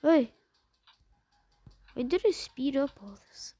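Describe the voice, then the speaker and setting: A woman's voice: sits high, expressive, slow pace, mellow, no echo, faint music behind. A woman giving casual gameplay commentary, swearing a lot and often dropping into muttered whispers. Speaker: gamer.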